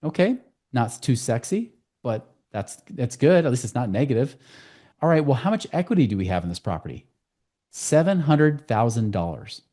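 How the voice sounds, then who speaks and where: A man speaking as a guest on a podcast interview, telling client stories in a quick, storytelling way. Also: mid-range voice, big pitch swings, dark tone. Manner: fast, storytelling with client anecdotes. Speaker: guest, financial coach.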